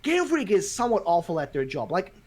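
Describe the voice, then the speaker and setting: A podcast host with a high-pitched voice talks fairly quickly in a casual chat. He rants with plenty of swearing, sounding profane and animated throughout.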